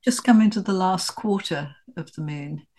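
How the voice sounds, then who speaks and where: A woman's voice: on the low side, normal speed. A woman in casual podcast chat, telling stories expressively and laughing as she talks. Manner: expressive, laughing storyteller, swearing freely.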